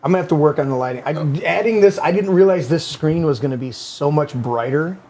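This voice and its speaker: Gravelly high-voiced male talk show host. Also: brisk, warm tone. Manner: sarcastic, mock-serious. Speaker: podcast host. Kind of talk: casual political talk show banter. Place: home studio.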